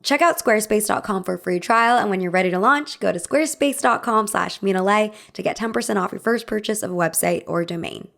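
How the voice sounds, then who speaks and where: A woman's voice: medium pitch, fairly quick, gravelly, hardly any pauses, a bit bright. Wry young woman narrating a video essay. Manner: wry, conversational, laughs at own asides.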